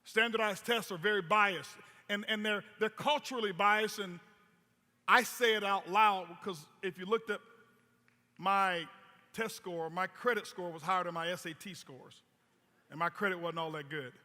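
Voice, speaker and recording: A man with a high, pushed, bright voice gives a motivational stage talk promoting network marketing at a moderate pace. He tells stories, driving points home with punchy repetition and rhetorical questions, and a long hall reverb surrounds his words.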